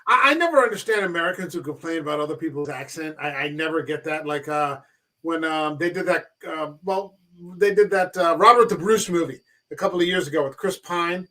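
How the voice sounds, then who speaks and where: A man's voice: a little high, brisk. A man hosting a casual film podcast, telling stories animatedly and swearing freely. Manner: animated, profane storyteller.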